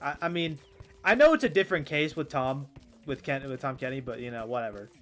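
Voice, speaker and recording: A hoarse man in his twenties chatting casually while playing a game, rambling with stammered restarts and frequent swearing. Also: medium pitch, lively intonation, brisk. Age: 20s. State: hoarse, strained voice. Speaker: gaming streamer.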